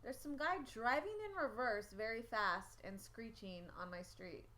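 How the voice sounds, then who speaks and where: Slow-talking bright-voiced woman host. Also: fairly high pitch. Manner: rambling and chatty, often loses track. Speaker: host of a sports picks show. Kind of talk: casual livestream chat reading viewer comments. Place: at home.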